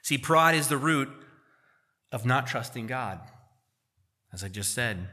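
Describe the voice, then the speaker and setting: A man, a pastor, preaching a sermon in a church, reading verses slowly and explaining them in casual asides. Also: mid-range voice, bright, forceful tone.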